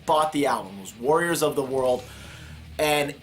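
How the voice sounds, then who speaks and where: An enthusiastic man talks in a casual monologue to camera. His voice is lively and full of pitch swings, with a playful edge. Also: a little fast, soft background music. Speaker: vlogger.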